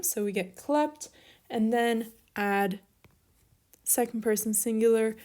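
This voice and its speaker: A young woman explains Greek verb forms one step at a time as she writes, with brief apologies along the way. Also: a little high. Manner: steady, step-by-step explaining while writing, with small apologies. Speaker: Greek teacher. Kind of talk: online lesson walkthrough.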